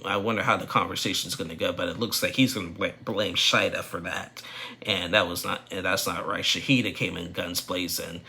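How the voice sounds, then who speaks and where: A man's voice: low-pitched, steady tone, fairly quick, creaky, pushed and bright. A man giving a casual, opinionated recap of a reality show, rambling with frequent restarts.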